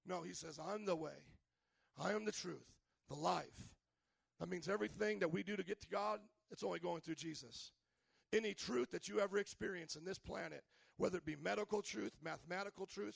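A pastor in his thirties delivers a lively, joking sermon and sometimes shouts. His voice is high and strongly gravelly. The recording is dry and close. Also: no room sound. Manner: animated and humorous, at times shouting.

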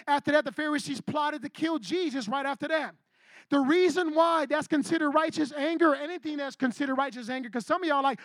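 A man with a strikingly high voice preaches to a youth group in a loose, slangy way. He asks the kids questions and calls on them by name. The sound is dry, with almost no room echo. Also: normal speed, a bit bright. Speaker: youth pastor. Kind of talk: casual sermon to youth.

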